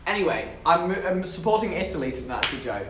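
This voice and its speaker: A man's voice: on the high side, big pitch swings, fast, fairly bright tone, far from the mic. Chatty young man from southern England. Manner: chatty, giggly storytelling, talks to chat. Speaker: streamer. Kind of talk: casual livestream chat. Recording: echoey room, voice a bit off-mic.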